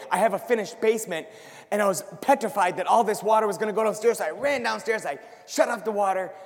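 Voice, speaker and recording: A man with a notably high voice tells a humorous, self-deprecating story from the pulpit, moving from easy chat to lively bursts. He sounds middle-aged. His voice rings out with the long reverb of a large hall. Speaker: ministry worker giving a talk. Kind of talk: storytelling sermon.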